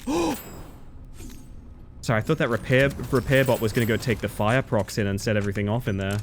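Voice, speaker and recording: A man streaming a game from home and chatting casually in a rambling, animated way. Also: on the low side, moderate pace, slight background noise. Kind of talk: casual chat while gaming.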